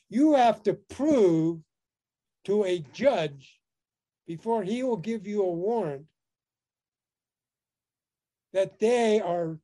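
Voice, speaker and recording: A man telling a personal story in a casual interview, animated and laughing often as he talks. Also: sits high. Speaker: interview guest.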